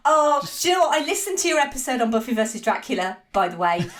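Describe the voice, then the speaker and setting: Young woman podcast guest, bright high voice, chatty and self-deprecating, laughs a lot. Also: big pitch swings, fast talker, slight background noise. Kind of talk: casual chat.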